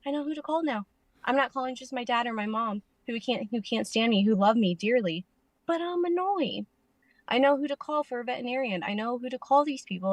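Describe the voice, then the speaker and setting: A woman's voice: on the high side, no echo. Woman, rambling, self-mocking, joking, recovery share, parked car, video call, dry sound. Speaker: meeting participant sharing. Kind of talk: casual recovery meeting share.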